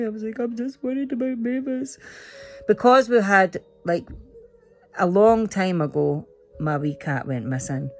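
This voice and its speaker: A woman's voice: sits low, a little mellow. A middle-aged Scottish woman chatting casually and emotionally, rambling through a personal story. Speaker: spiritual vlogger. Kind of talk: casual chat.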